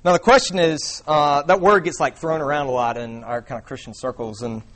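A man's voice: fairly high pitch, steady tone, brisk, a bit bright. A young man preaching a sermon to a congregation in a casual, conversational way with many fillers. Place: church before a congregation.

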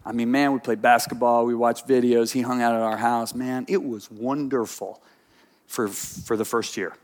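A man preaching a sermon as pastor, telling stories in an animated way that swings between quiet asides and emphatic points. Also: medium pitch, normal speed.

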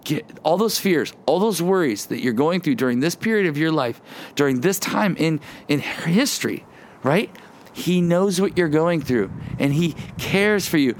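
A man's voice: a little high, lively intonation, normal speed. A man preaching a sermon outdoors in the wind, earnest and repeating words as he acts out quoted voices. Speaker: pastor. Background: wind noise.

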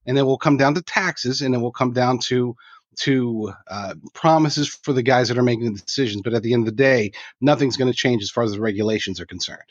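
A man's voice: mid-range voice, a little fast, no room sound, dull audio. A man speaking as a guest commentator on a remote interview, making emphatic, opinionated points over a video call.

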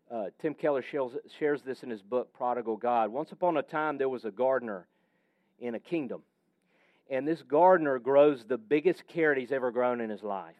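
A man's voice: mid-range voice, darkish tone, no echo. A man preaching a sermon with emphatic, varied delivery that sometimes drops almost to a whisper. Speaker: pastor.

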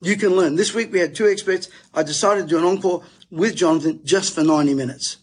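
A man's voice: on the high side, fast, husky. A middle-aged Australian man hosting, delivering a fired-up, emphatic, preachy monologue to his audience. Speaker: host. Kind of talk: impassioned monologue to camera.

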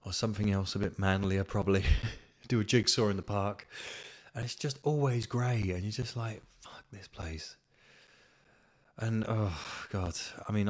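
A young man hosts a solo podcast, telling chatty stories with plenty of swearing and laughter. His voice is on the low side with a darkish tone.

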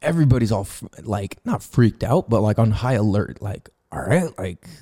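A male podcast host talking in a casual, loose monologue with plenty of swearing and restarts. His voice is dark and mellow, and he acts out noises and his own reactions when he tells a story. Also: lowish voice, brisk. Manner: loose and profane, with lots of fillers and restarts; animated storytelling, acts out sounds and his own quoted thoughts.

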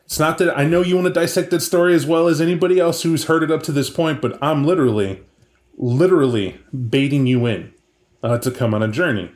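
A man's voice: on the high side, brisk, a little mellow. A man hosting a podcast, casually and animatedly retelling a tabletop game session he ran, with many asides. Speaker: podcast host and game master. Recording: echoey room.

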